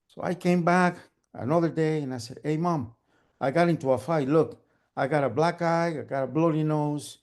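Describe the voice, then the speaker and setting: A man telling a story at a live storytelling event, animated and humming sewing-machine sounds. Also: on the high side, moderate pace. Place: storytelling event, online gallery view.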